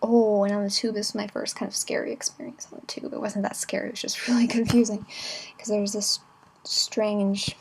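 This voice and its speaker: A young woman chatting casually in a travel vlog, giggly and playful with quick asides. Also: mid-range voice, little pitch movement, vocal fry, noisy background. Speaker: vlogger.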